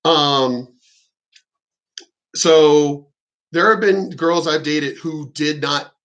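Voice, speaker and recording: A man's voice: fairly high pitch, drawn-out words, fairly bright tone, lo-fi sound. A middle-aged man vlogging, telling a frank, profane and rambling story about his sex life. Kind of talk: candid storytelling monologue.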